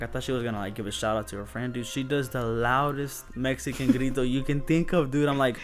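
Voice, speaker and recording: A man guesting on an interview, telling DJ stories in relaxed, slangy casual chat with frequent laughs. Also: mid-range voice, quick pace, few pauses, faint music behind. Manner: laid-back storytelling, says "dude" and "bro" a lot, laughs often.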